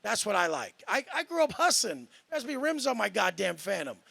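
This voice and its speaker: A man's voice: high-pitched, big pitch swings, fairly quick, creaky, pushed and bright. A man in a heated panel debate, talking in a profane, boastful and combative way. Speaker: panel guest.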